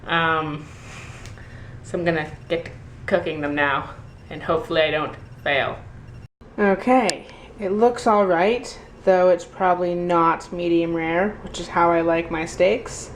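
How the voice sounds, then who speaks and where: Woman, casual home vlog, unhurried, rambling, echoey kitchen, faint background hiss. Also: fairly low pitch, fairly even intonation. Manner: rambling and self-deprecating, with many fillers. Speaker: daily vlogger. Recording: echoey room with faint noise.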